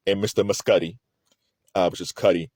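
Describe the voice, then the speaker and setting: A man's voice: low-pitched, steady tone, a little fast, darkish tone, dry recording, studio quality. A man giving casual, rambling commentary on a court trial, laughing often and restarting his sentences.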